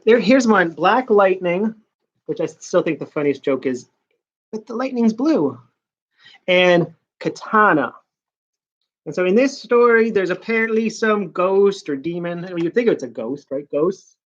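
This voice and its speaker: A man's voice: high-pitched, expressive, moderate pace, a bit bright, muffled recording. A man giving a casual, sarcastic comic book review, rambling with mocking asides.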